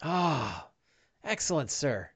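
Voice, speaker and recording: A man voicing a loyal, deferential male sidekick who speaks softly and hesitantly. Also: a little high, very animated, takes it slowly, slightly rough, heavily acted. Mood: agreeable. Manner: polite, hesitant, soft-spoken.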